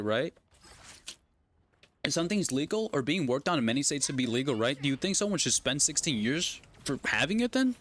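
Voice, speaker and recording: A man's voice: a little high, a little hiss or hum. A man streaming a video game, chatting casually and rambling, ending almost every phrase with "right?" or "you know what I mean?". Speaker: gaming streamer. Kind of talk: casual chat while gaming.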